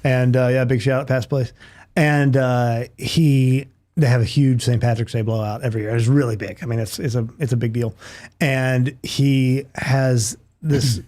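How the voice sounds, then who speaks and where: A man's voice: medium pitch, fairly even intonation, normal speed, dark tone. Chatty man telling a favorite joke. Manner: rambling storyteller, eager to tell a favorite joke. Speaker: podcast guest. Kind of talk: casual chat.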